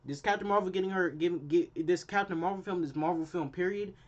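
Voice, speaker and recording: A young man in college, a channel host, ranting casually in an animated, slangy, repetitive way, with a dull lo-fi sound. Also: sits high, fast. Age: young adult. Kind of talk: casual opinion rant.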